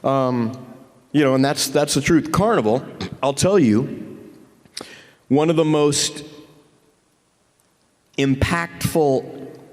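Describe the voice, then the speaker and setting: A man on a convention panel, telling a profane, animated story with many restarts. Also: mid-range voice, takes it slowly, pauses often. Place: large convention hall. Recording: reverberant hall.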